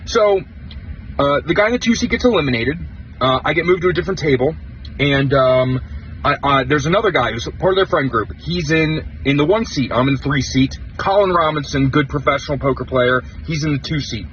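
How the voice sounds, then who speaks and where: A young man telling a heated story of being cheated at a poker table, animated and swearing casually. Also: fairly high pitch, a little fast, highs cut off, a little hiss or hum. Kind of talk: clip of a player recounting a tournament.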